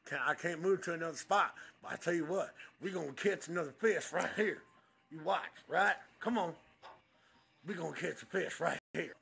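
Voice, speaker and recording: Brief: man playing a brash bass-fishing good ol' boy for a comic vlog; high, bright, gravelly drawl, outdoors on a handheld camera. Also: moderate pace, full character voice. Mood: boasting. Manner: whooping, boastful, drawling country talk. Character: loud excitable country bass fisherman man. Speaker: angler showing his catches. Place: outdoors by the water.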